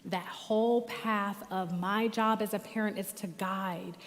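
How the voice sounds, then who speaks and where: Animated woman speaker in a reverberant church. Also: medium pitch, a little slow. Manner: animated, lively storytelling. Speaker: guest speaker and therapist. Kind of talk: storytelling talk at church. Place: church auditorium. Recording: long reverb of a church hall.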